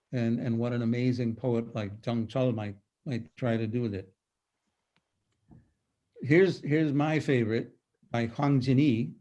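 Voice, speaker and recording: An older man giving a poetry lecture over a video call, reading verses slowly and dramatically before explaining them. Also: mid-range voice, dark tone.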